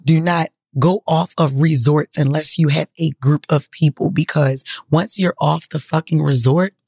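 Raspy, emotional woman podcaster. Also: deep voice, steady tone, unhurried, mellow, no room sound, clean studio sound. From United States. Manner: blunt, profane, earnest. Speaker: podcast host. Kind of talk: casual emotional monologue.

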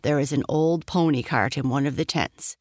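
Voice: mid-range voice, moderate pace, a little mellow, no room sound, close to an everyday voice. A fair-minded circus owner speaks plainly and evenly, as a bedtime narrator reads him. The storybook recording is dry and close.

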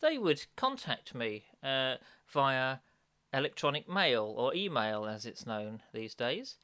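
Bright-voiced man with dry self-mocking humour. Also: mid-range voice, sing-song, slow pace, smooth. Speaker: podcast co-host and speaker. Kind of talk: bantering podcast chat.

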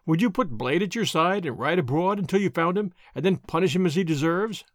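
A man reading the part of a proud, spirited young noblewoman, asking sharp, challenging questions. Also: sits high, lively intonation, brisk, no room sound, clean studio sound.

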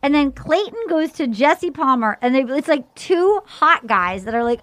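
A high-pitched woman hosts a casual chat, her voice swooping up and down as she retells events and slips into voices for the people involved. The sound is close and dry. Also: normal speed, few pauses, no room sound. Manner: animated, acts out quotes in voices. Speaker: podcast host.

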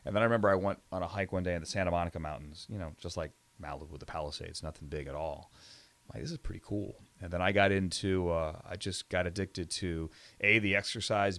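A man in his forties, a sports broadcaster chatting as an interview guest, animated and telling stories with quick restarts. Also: deep voice, no echo. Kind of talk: casual interview chat.

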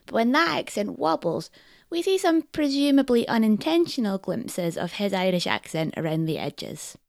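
A woman's voice: mid-range voice, big pitch swings, normal speed, gravelly. A woman presenting a feature in scripted narration, with a wry delivery.

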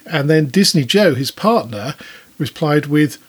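A man's voice: on the high side, expressive, a little slow, slightly rough. A man co-hosting a podcast, telling listener stories in a chatty way with frequent chuckles. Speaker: podcast co-host. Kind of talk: casual podcast chat.

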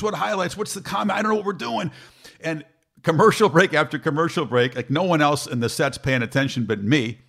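Man telling a lively broadcasting anecdote. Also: medium pitch. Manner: animated anecdote-telling with repeated restarts. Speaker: host, broadcaster. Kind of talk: casual storytelling chat.

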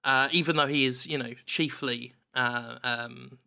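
A young man rambling through a deadpan comedic story in casual chat. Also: medium pitch, unhurried, creaky.

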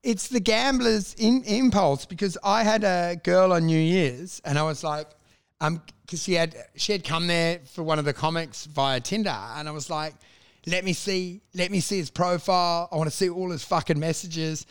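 Gravelly high-voiced Aussie guy. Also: normal speed. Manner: crude, rambling, swears a lot. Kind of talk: casual chat.

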